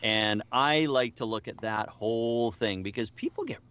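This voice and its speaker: A man's voice: mid-range voice, moderate pace, a bit bright, slight background noise. A middle-aged man, a voice actor, chatting casually as an interview guest, with lots of restarts and self-deprecating asides.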